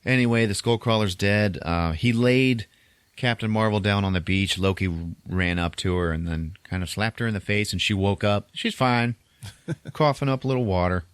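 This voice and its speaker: Deep-voiced chatty podcast host. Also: male voice, moderate pace, clear, resonant tone, no room sound. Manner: chatty, laughs often, acts out quotes. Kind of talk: casual movie recap.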